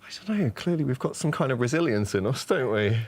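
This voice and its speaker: Woman, quiz contestant, deep low voice, chatty, upbeat, studio. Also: lively intonation, quick pace, a little mellow. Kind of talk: casual team discussion.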